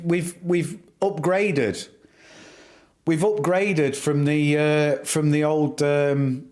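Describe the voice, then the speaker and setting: Middle-aged male livestream host, slow, easy banter with viewers. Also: fairly high pitch, a little mellow. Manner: bantering, teasing viewers by name. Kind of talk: casual live-stream chat.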